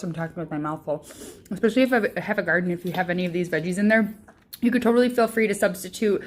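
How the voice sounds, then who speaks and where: A woman's voice: lowish voice, quick pace, a little hiss or hum, rough recording. A young woman chatting casually as she cooks and hosts her own vlog, rambling a little with plenty of ums. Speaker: home cook and channel host. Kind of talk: casual cooking vlog chat.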